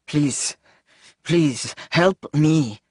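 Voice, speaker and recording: A man's voice: a little high, very slow, darkish tone, husky, no room sound, studio quality, full character voice. A narrator voicing a frightened young man trapped in a cage, who pleads desperately and halts between words. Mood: desperate, pleading.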